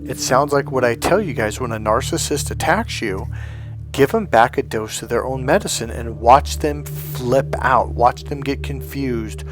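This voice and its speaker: A man's voice: mid-range voice, measured pace. Guy coaching people, blunt and fired up, music going behind him. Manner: blunt and emphatic, acts out quoted voices. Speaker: life coach. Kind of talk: motivational monologue.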